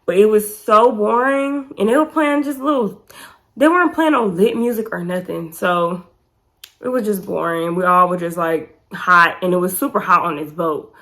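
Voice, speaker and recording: A woman's voice: medium pitch, moderate pace, a bit bright. A young adult woman, animatedly telling a casual storytime as a vlogger and acting out quotes in a raised voice.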